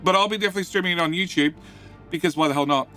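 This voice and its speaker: A man talks through a live game stream in a high, bright, forceful voice, shouting greetings and joking with his viewers. He stammers and repeats himself as he goes. Faint music plays behind him. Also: racing.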